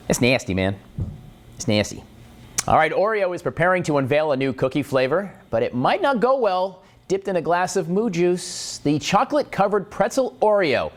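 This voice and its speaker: A middle-aged man hosts a morning show in a loose, joking monologue. His pitch is a little high for a man and swings widely as he rambles. He drifts into goofy voices now and then. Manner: jokey, rambling, slips into silly voices. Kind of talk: casual comedic monologue.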